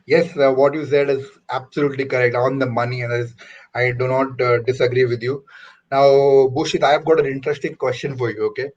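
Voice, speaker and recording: A man's voice: mid-range voice, fairly even intonation, a little fast, lo-fi sound. A man hosting a casual football discussion, posing questions to his co-hosts. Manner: questioning, conversational. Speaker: podcast host.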